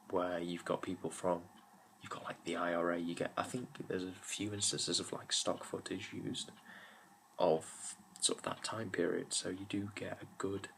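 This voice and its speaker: A man's voice: deep voice, vocal fry, fairly bright tone, slight background noise, rough recording. A young man giving a casual, rambling film review on his channel, full of fillers and restarts.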